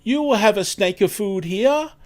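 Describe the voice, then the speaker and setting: A man imitating an older male customer with a heavy, Italian-sounding accent who speaks haltingly. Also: high voice, animated, pitched above the performer's own voice. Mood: insistent, puzzled. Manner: halting, questioning, hesitant.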